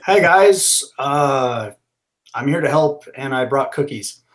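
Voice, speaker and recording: A man's voice: mid-range voice, fairly quick, lightly acted. Man playing an easygoing superhero. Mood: friendly. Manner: easygoing, casual. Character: friendly male superhero reassuring police.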